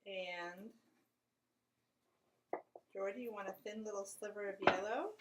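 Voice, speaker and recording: A woman hosts a casual cooking lesson, talking through each cut step by step in an easy, conversational voice. Her pitch sits in the middle, neither high nor low. Loud clatter of dishes and pans rings out behind her in a home kitchen. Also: steady tone, unhurried, heavy background noise. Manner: chatty step-by-step instruction, aside to a child. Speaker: cooking show host.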